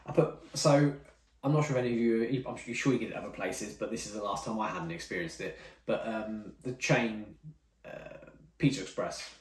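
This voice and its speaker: Rambling through tasting notes at a moderate pace, a man with a fairly low voice reviews whisky casually, correcting himself as he goes. The sound is roomy, with the mic set back from him.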